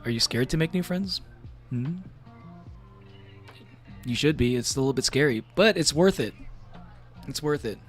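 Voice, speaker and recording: A man streaming from home, chatting casually while he plays, rambling and laughing often between thoughts. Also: a little high. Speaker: VTuber streamer. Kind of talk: casual live-stream chat while gaming.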